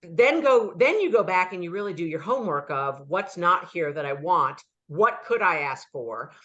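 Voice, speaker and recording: A woman's voice: fairly low pitch, moderate pace. A woman career consultant giving advice in an online chat, telling stories and acting out the dialogue in them. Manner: lively storyteller who acts out dialogue. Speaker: career consultant, guest speaker. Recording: dull lo-fi audio.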